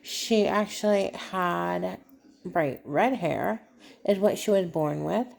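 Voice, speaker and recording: A woman talking to her viewers in a personal vlog, halting and emotional, holding back tears. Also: on the low side, vocal fry, a little mellow. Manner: halting, emotional, trying not to cry. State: tearful. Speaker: vlogger.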